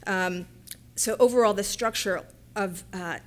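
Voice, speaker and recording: At a conference, a woman art professor gives a talk in a lecture hall. She speaks quickly but hesitantly, with many filler words, in a medium-pitched voice.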